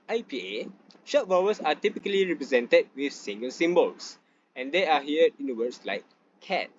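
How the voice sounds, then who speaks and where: A young man giving a student class presentation, reading from slides with pauses and restarts. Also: medium pitch, lo-fi sound, a little hiss or hum. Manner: reads from slides with frequent fillers and restarts.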